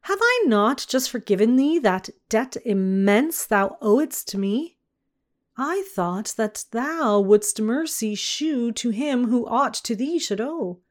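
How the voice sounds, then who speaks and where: A wrathful king speaks in stately archaic verse, voiced by a woman reading the poem aloud. The delivery is slow and unhurried, pitched somewhat high. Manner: commanding, archaic speech. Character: stern angry old-world king, man.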